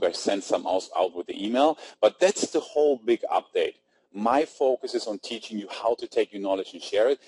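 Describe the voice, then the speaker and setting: A man's voice: on the low side, darkish tone, slightly rough, dry recording, poor audio. A man with a German accent hosting an online marketing webinar, chatty and upbeat, reading out attendees' names from the chat. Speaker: webinar host. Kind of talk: casual webinar talk. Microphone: computer mic on webinar.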